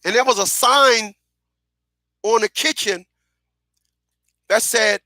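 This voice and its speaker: A middle-aged man hosting a radio show, telling stories in a casual, animated way, repeating phrases and acting out what people said. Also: high voice, takes it slowly, pauses often, no echo, studio quality. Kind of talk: casual storytelling monologue.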